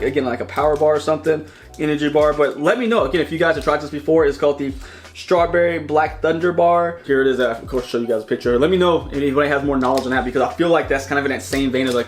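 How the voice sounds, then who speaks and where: A man hosting a casual taste-test vlog, rambling and chatty, often talking while chewing. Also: mid-range voice. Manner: rambling, chatty, restarts and repeats words. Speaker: snack reviewer and channel host.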